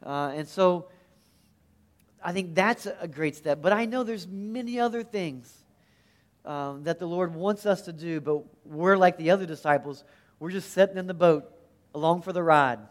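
A man preaching a sermon as pastor, earnest and animated, often restarting his phrases. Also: high voice, normal speed.

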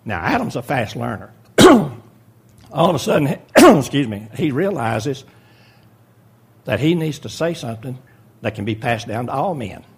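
A man's voice: mid-range voice, big pitch swings, unhurried, creaky, long pauses, breathy edge. A man preaching a sermon in a folksy, joking way, reading scripture and retelling the story with voices for each character.

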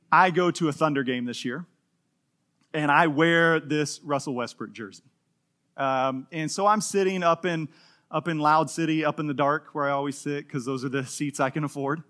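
A man's voice: a little high, normal speed. A middle-aged man preaching a sermon to a congregation, telling stories with playful humor and acting out voices. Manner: animated storytelling with playful humor, acting out quotes. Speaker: pastor. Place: church in front of a live congregation.

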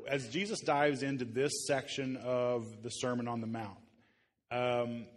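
A male pastor gives a relaxed, joking sermon to a congregation gathered in a church. He talks at an everyday middle pitch and often stops to restart his sentences, like someone chatting with the room. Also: big-room sound. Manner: casual, joking, with frequent restarts. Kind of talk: conversational sermon. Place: church before a live congregation.

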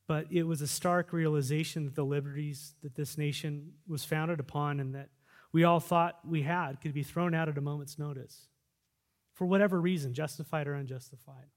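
A pastor preaching a sermon, swinging between loud fervent exhortation and quiet reflective asides. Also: male voice, a little high, steady tone, normal speed. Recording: long reverb of a large hall.

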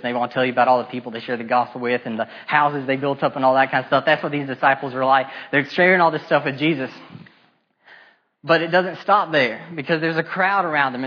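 A man's voice: medium pitch, dull audio. A man preaching a sermon, retelling a Bible story with casual asides and acting out the voices of the people in it. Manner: animated storytelling, acting out the disciples' complaints; casual modern asides and repetition.

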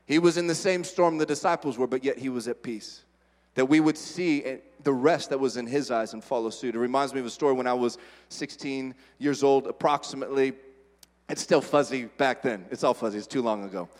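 Impassioned young male pastor in reverberant hall. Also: a little high. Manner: impassioned, swings between loud urgency and quiet intimacy. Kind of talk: sermon.

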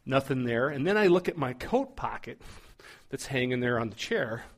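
Middle-aged man, pastor, sermon, chatty storytelling, lively delivery. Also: medium pitch, moderate pace. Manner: storytelling, conversational and animated.

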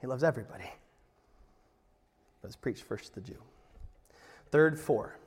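A man preaching a sermon as pastor, animated, jumping from loud emphasis to quiet asides with jokes along the way. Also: mid-range voice, normal speed, slightly rough. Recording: long reverb of a large hall.

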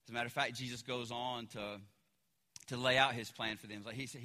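A male pastor preaching a sermon in a casual, animated storytelling way with lots of fillers. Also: mid-range voice, brisk, long reverb tail.

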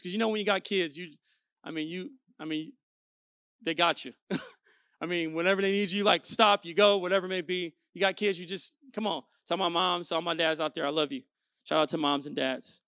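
A young adult man preaching an energetic sermon, telling stories with playful asides. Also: sits high, fairly quick, no room sound, clean studio sound. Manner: animated storytelling with playful asides. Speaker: pastor.

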